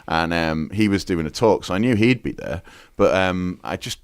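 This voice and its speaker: A man's voice: deep voice, moderate pace, clean tone, dry recording, studio quality. A man from the UK chatting as a podcast guest, telling rambling stories full of fillers and restarts. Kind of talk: casual chat.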